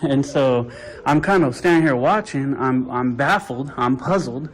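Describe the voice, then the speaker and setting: A man's voice: medium pitch, unhurried, rough recording. Indignant man filming a complaint. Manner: indignant, complaining, talking to camera. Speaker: video-recording visitor. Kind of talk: self-narrated confrontation vlog.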